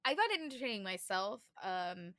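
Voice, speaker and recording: A woman's voice: medium pitch, very animated, brisk, sharp tone, no room sound, studio quality. A young woman co-hosting a casual podcast chat, laughing often and breaking into playful imitations. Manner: giggly, laughs often, mimics chirpy newsreaders. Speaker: podcast co-host.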